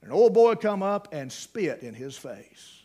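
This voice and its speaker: Emphatic high-voiced preacher man. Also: very animated, a little slow, dark tone. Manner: emphatic, repetitive preaching with swings in volume. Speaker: pastor. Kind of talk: sermon.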